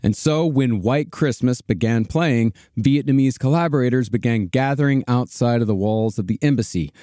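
A man's voice: medium pitch, moderate pace, dark tone, no room sound, studio quality. A man hosting a history podcast, narrating a story steadily with some hesitant fillers. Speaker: podcast host telling history.

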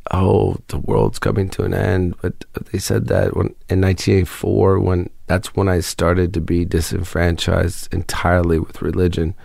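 A man's voice: sits low, completely flat delivery, moderate pace, creaky, hardly any pauses, a little mellow, no echo. A man in his fifties from Ohio, chatting as an interview guest in a dry, wry, meandering way. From Ohio, United States. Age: 50s. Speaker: guest musician. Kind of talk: casual interview chat.

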